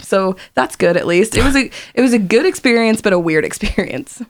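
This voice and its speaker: A woman's voice: medium pitch, lively intonation, a little fast. A young woman from Indiana in casual chat, talking freely with many fillers and frequent laughs. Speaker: guest.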